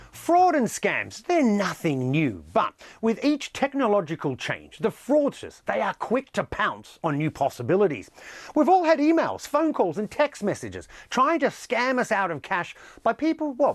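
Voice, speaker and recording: A man hosting a business news show, presenting with a lively, emphatic delivery. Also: sits high, no room sound, studio quality.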